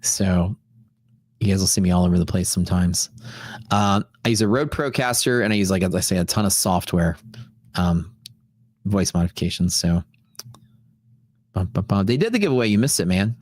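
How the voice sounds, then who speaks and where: Speaking low with lively intonation at a normal speed, this livestream host leaves long pauses, and his darkish voice is recorded dry. He rambles casually, repeating points for emphasis, on a close studio dynamic mic in a home streaming room dampened with fiberglass panels.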